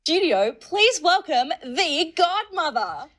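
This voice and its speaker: A woman's voice: very high voice, very animated, slow, a bit bright. A woman playing a ditzy, over-dramatic co-anchor in a satirical news sketch.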